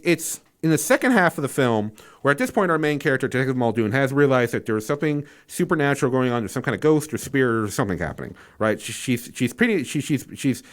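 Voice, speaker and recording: A man giving a casual spoken movie review, incredulous and exasperated, rambling with fillers and restarts and swearing freely. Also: on the high side.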